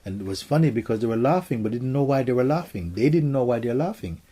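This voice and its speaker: A man, a spiritual teacher, gently telling stories and answering questions for a gathering in a soft, hushed way. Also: mid-range voice, animated, quick pace, breathy edge. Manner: soft-spoken, gentle storytelling, often drops to a hush.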